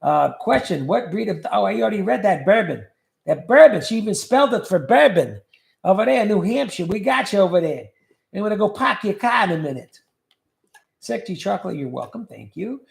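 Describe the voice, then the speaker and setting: Gravelly high-voiced man hosting a livestream. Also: big pitch swings, brisk. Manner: joking, rambling, reads comments aloud. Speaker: livestream host. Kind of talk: casual chat reading viewer comments. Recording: echoey room.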